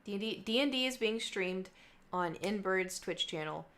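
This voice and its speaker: A woman's voice: mid-range voice, expressive, normal speed, fairly bright tone. A young adult woman livestreaming, chatting casually and rambling between topics with her viewers. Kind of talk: casual chat to stream viewers.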